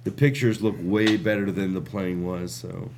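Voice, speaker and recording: A man's voice: sits low, steady tone, moderate pace, background noise. A man, a band's singer and keyboardist, answering interview questions in a wry, self-deprecating way. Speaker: band singer and keyboardist, guest.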